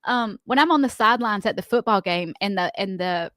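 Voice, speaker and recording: A woman's voice: mid-range voice, fairly quick, fairly bright tone, dry recording, clean studio sound. A woman co-hosting a morning radio show, telling chatty stories and acting out what people say. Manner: chatty storyteller, laughs often, acts out quotes. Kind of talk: casual morning radio chat. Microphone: studio microphone.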